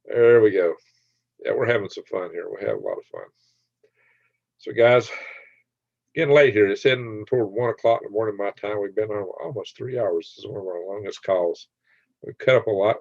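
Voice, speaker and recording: A man's voice: on the low side, animated, moderate pace, creaky, long pauses, no echo. A man hosting a late-night livestream, joking, laughing often and reading chat comments aloud. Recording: dry, slightly dull sound.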